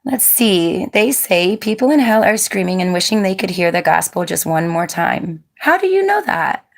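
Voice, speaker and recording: A woman's voice: on the low side, big pitch swings, moderate pace, vocal fry. A woman hosts a casual livestream and reads out viewer comments. She talks in a loose, chatty way and laughs often, and she turns firm when a commenter gets rude. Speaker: livestream host.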